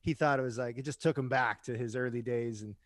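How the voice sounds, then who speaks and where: A man's voice: mid-range voice, steady tone, fast, dry recording, studio quality. A man guesting on a podcast, telling stories in a casual, chatty way, often tagging lines with "right?" and swearing now and then. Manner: chatty storyteller who keeps asking "right?". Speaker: podcast guest, rock musician. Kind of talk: casual chat.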